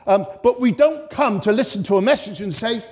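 A man preaching a sermon in church, impassioned, swinging between loud exclamations and hushed reflection. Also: high voice, fairly quick, slightly rough.

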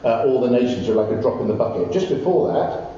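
A man preaching a sermon, telling Bible stories with animated, rising exclamations. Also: mid-range voice, fast. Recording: distant, roomy, dull recording with faint noise.

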